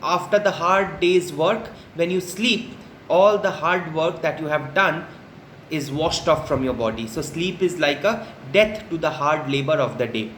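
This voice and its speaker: High-voiced man teaching in an echoey room. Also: measured pace, a bit bright, a little hiss or hum. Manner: patient, plainly paraphrasing each quoted line. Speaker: literature teacher. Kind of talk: explaining a play line by line. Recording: echoey room with faint ambience.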